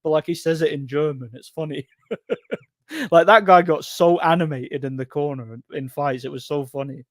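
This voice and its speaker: A man's voice: fairly high pitch, fairly even intonation, normal speed, no room sound, clean studio sound. A man hosting a casual live stream, rambling through chat comments, repeating himself and laughing at his own stories. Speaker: livestream host reading chat.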